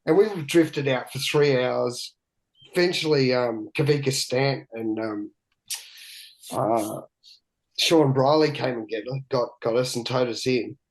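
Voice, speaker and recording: A man's voice: mid-range voice, measured pace, rough recording. A man, a guest telling candid stories in a rambling, profane way with many restarts. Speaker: guest, big-wave surfer. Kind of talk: candid storytelling chat.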